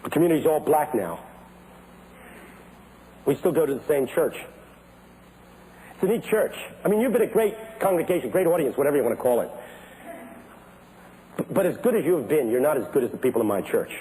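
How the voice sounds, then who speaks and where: A man preaching a sermon who grew up in West Philadelphia. He tells stories to the congregation and builds up to shouted, rhythmic preaching. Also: on the high side, very animated, brisk, pauses often, rough recording.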